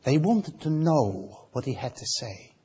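Dutch accent guy preaching, slow and drawn out, big ups and downs, loud bits then soft asides. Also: fairly high pitch, very animated, slightly rough, dull audio. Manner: dramatic swings between loud emphasis and soft asides. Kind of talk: sermon.

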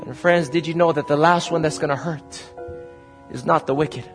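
A man's voice: fairly high pitch, fairly even intonation, normal speed, over music. A man preaching a dramatic, emphatic sermon, often calling his listeners "friends.". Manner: emphatic and dramatic, repeatedly addresses the audience as "friends".

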